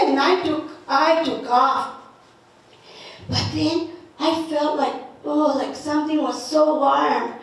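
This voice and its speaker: A woman telling a personal story in a lively, playful way, mixing in Spanish words. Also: high-pitched, slow pace. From Northern New Mexico. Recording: echoey room, speaker far from mic.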